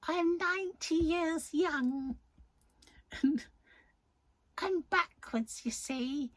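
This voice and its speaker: A woman imitating a frail, chirpy ninety-year-old lady on the phone, in a high, slow, quavering voice. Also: dry recording.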